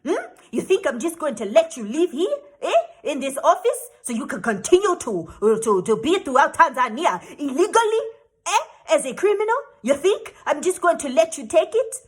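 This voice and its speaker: A woman's voice: high-pitched, sing-song, normal speed, pitched above the performer's own voice. A woman voicing a stern, intimidating male immigration officer who badgers with taunting questions.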